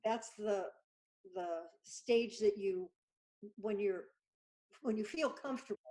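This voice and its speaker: A woman's voice: medium pitch, takes it slowly, warm tone. A woman voiceover artist chatting as a guest on a video-call interview, enthusiastic and talkative.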